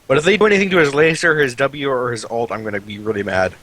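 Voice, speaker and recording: A man co-hosting casual game commentary, giving quick, opinionated takes. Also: mid-range voice, fairly bright tone, no room sound, rough recording. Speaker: co-caster.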